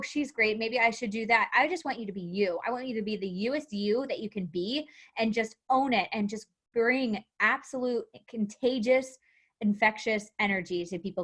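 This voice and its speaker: Young woman coach doing a pep talk live, kinda high voice, animated, acts stuff out. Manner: animated, laughs often, acts out quotes. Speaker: fitness coach.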